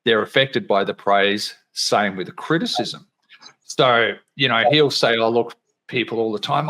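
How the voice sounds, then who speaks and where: A male podcast host with a mid-range voice, talking loosely and conversationally. He drops the odd swear word and slips into quick impressions of the people he quotes. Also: mid-range voice, pushed and bright.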